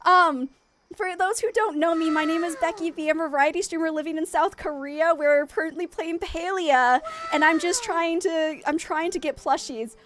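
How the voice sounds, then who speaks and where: A young adult woman streaming a game live, bubbly and excitable, chatting with viewers and laughing often. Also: very high voice, moderate pace. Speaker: variety streamer.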